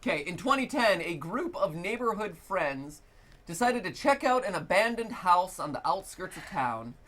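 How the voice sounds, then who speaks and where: A man with a Midwestern American accent, chatting on a live stream. He talks in animated, opinionated bursts, tossing out tips between restarts. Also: high-pitched, moderate pace. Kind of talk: casual live-stream commentary.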